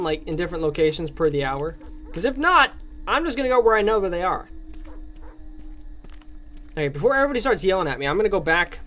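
Gaming host, male, jumpy and loud, bright voice that swings high and low. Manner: excitable, yells and rants at the game in jest. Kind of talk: horror game let's play commentary.

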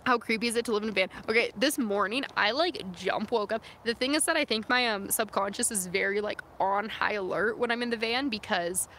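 A woman's voice: medium pitch, fairly quick, few pauses, fairly bright tone, a little hiss or hum. A young woman chatting casually on a phone livestream outdoors, answering viewer comments in a rambling way full of "like" and "um". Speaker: vlogger reading live chat comments. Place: outdoors in the wilderness near her van. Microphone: phone camera.

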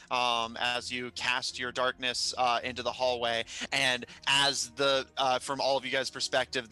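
Bright, smooth-voiced male game master. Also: medium pitch. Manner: measured, descriptive scene narration. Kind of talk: running a tabletop game over a live stream.

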